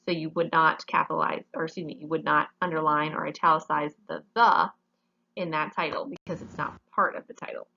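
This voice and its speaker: A woman's voice: low voice, fairly even intonation, brisk, gravelly, muffled recording. A woman teaching a grammar lesson in a classroom, explaining each rule step by step and often checking with "okay?".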